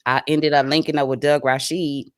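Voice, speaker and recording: A man talking casually as a guest, answering in quick, easy replies. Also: fairly high pitch, flat delivery, clear, resonant tone, no room sound, studio quality. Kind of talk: casual interview chat.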